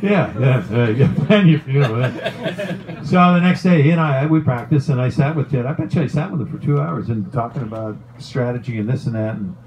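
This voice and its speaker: A middle-aged man, a former hockey player, tells a long story in a casual, animated way, swearing and laughing as he goes. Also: mid-range voice, a little fast, background noise. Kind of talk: casual storytelling on a talk show.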